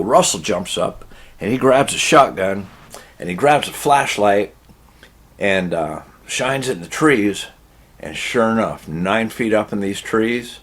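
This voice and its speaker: Man storyteller, husky voice, laid-back rambling folksy telling. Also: fairly low pitch, fairly bright tone. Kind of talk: casual spoken storytelling.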